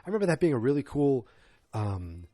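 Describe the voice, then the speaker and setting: A man's voice: mid-range voice, sing-song, fairly quick, mellow, dry recording. A man hosting a podcast, rambling through a loose, jokey, self-mocking movie review. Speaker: podcast host. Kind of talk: casual movie review monologue.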